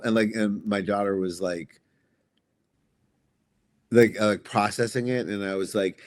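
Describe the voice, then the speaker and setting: Low halting man, dry studio sound. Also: steady tone, no room sound. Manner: halting, restarts often, reflective. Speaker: guest comic writer. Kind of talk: casual podcast conversation.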